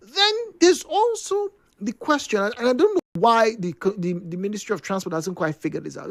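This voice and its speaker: A man's voice: extremely high pitch, no room sound, clean studio sound. A man with a Nigerian accent hosting a radio talk show, thinking aloud in a chatty way with asides and plenty of fillers.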